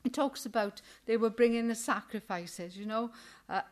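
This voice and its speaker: This informal sermon comes from an older woman leading Bible study, her voice on the high side, a little mellow, at normal speed. Earnest and chatty, she frequently wraps up points with tag questions and dramatizes indignant quotes with lively animation.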